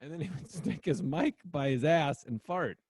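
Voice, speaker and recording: A comedian and podcast co-host bantering and telling stage anecdotes in casual chat. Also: male voice, a little high, normal speed, darkish tone, breathy edge, no echo. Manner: laughing, enthusiastic reactions and anecdotes.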